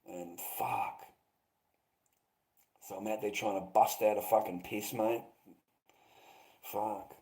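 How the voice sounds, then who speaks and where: A man's voice: fairly low pitch, darkish tone, poor audio. Profane, bitter Australian man rambling. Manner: profane, bitter, repetitive, calls listeners mate. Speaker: vlogger. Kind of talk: rambling monologue to viewers.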